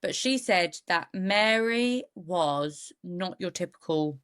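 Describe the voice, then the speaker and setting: A woman's voice: fairly low pitch, expressive, takes it slowly, a bit bright, smooth. A woman, co-hosting a podcast and casually retelling a true-crime case with jokey asides. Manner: chatty, goes off on jokey asides. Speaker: podcast co-host.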